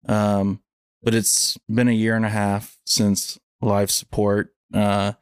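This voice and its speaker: Young male podcast host, low and even-toned, halting with many fillers, clean dry sound. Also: smooth, no room sound. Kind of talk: casual reflective chat.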